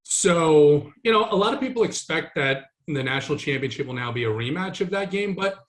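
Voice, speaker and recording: A man's voice: on the high side, animated, a little fast. A man co-hosting a sports podcast, chatting casually and breaking down college football matchups. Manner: joking, then analytical. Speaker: podcast co-host.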